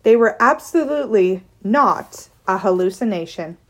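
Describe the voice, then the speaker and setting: A woman narrating a children's novel aloud in a clear, steady storytelling voice. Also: mid-range voice, moderate pace. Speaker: audiobook narrator.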